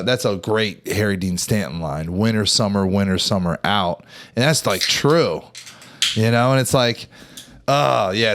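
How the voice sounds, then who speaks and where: A man co-hosting a podcast, chatting casually about a film with expressive, lively reactions. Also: fairly low pitch. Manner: lively, expressive reactions, jumps into quoting characters. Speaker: podcast co-host.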